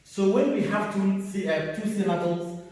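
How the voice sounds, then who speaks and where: A man teaches grammar in a slow, deliberate way, repeating key words and spelling out letters. His voice is mellow and sits a little high for a man. He sounds far from the mic, in a room with a long echo. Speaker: English teacher. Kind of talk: classroom grammar lesson.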